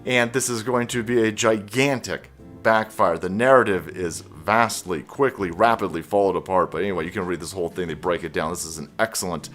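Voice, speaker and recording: A man's voice: deep voice, a little fast, fairly bright tone, faint music behind. A man ranting as an online commentator, profane, sarcastic and heated. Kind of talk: political commentary rant.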